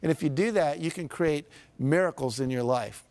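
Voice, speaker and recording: A man's voice: on the high side, normal speed, darkish tone. Man telling motivational stories. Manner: storytelling, shifting into quoted characters; emphatic repetition. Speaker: motivational speaker. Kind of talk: motivational seminar talk.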